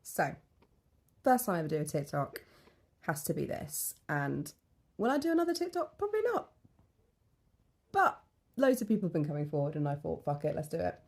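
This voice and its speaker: A woman's voice: low voice, wildly swooping pitch, fairly quick, pauses often, a little mellow, husky. A young woman telling a true ghost story in a blunt, casual way with some swearing.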